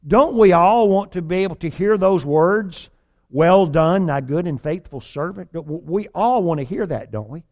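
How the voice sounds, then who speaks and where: A pastor preaching a sermon in a folksy, conversational way, rambling with restarts and slowing down to stress key points. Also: male voice, high voice, animated, darkish tone, highs cut off.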